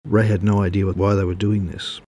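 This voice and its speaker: Deep-voiced man reading a story. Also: flat delivery, a little fast, warm tone. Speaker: narrator.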